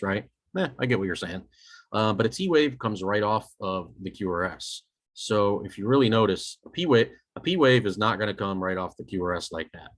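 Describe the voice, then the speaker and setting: A man teaching a recorded lecture over a shared screen, casual and self-correcting, often checking in with "okay?" and dropping dry jokes. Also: fairly low pitch. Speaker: EMS instructor.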